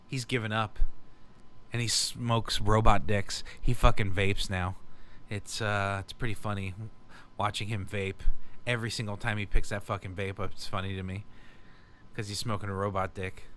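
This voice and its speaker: A man's voice: lowish voice, bright, forceful tone, slight background noise. A young man rambling profanely and mocking himself in a casual solo podcast, recorded in his garage on a bad mic cable. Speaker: podcast host. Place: home garage.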